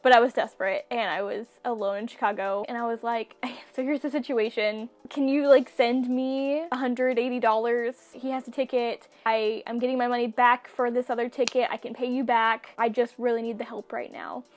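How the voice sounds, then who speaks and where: A young woman vlogger with a slightly high voice tells a personal anecdote at a moderate pace. She's casual and animated, often laughing and acting out people's words.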